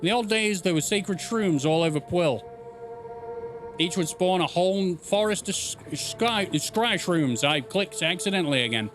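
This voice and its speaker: A man voicing an old male witch quest-giver in a video game, with a lowered, storytelling delivery. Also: expressive, moderate pace, a bit bright. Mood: ominous. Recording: game music playing behind.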